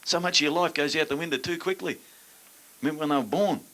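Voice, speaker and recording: A man's voice: a little high, fast talker, sharp tone. A middle-aged Australian man, a singer, chatting on stage in crude, joking, blokey banter.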